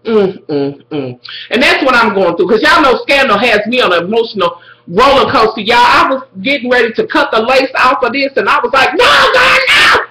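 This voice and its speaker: A woman recapping a TV drama episode in a casual video, animated and full of swearing as she talks straight to her viewers. Her voice is bright and a little sharp. The room is echoey around her. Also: a little high, a little fast, a little hiss or hum.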